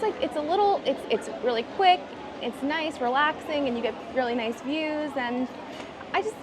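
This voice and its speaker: An excitable woman narrates her own vlog as she strolls through an outdoor park and zoo. Her voice sits a little high, and she talks in a chatty, eager way. Clear outdoor ambient noise runs underneath everything she says. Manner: chatty and excitable, quick to gasp and exclaim. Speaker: travel vlogger. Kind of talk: casual vlog walk-through.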